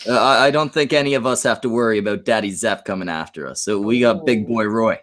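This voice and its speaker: A man's voice: lowish voice, fast, fairly bright tone. A man hosting a casual online stream, making joking asides. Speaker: stream host. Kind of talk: casual chat.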